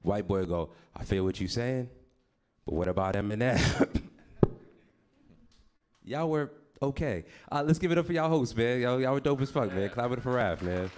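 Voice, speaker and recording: A man's voice: mid-range voice, lively intonation, normal speed, a little mellow. A man doing a stand-up set on a comedy stage, brash and profane, teasing the crowd as he goes. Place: comedy stage before a live audience.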